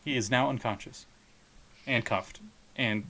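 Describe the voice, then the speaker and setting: A man narrating as game master of a tabletop game, relaxed and laughing often. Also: medium pitch, unhurried.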